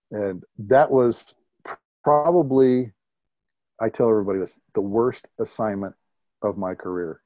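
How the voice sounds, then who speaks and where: A man in his fifties, a retired military pilot, telling lively anecdotes as an interview guest and chuckling at his own stories. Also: fairly low pitch, dry recording, lo-fi sound. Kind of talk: conversational interview storytelling.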